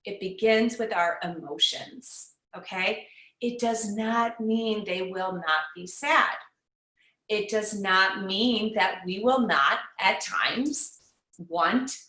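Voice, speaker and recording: A woman's voice: medium pitch, pushed and bright, reverberant, low-quality recording. A woman speaking as a guest on an online parenting summit, teaching in an encouraging, conversational way over a video call. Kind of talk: live online summit talk.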